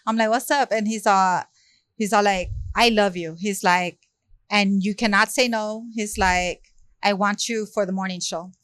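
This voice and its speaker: A woman tells a story in a relaxed interview, her voice sitting in a middle pitch. She acts out every quoted line and keeps the talk flowing with casual fillers. The sound is close and dry, with no room around it. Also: measured pace, clear, resonant tone, no echo. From South Central Los Angeles. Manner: lively, acts out quoted dialogue, many "you know" and "like" fillers. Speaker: rapper, interview guest.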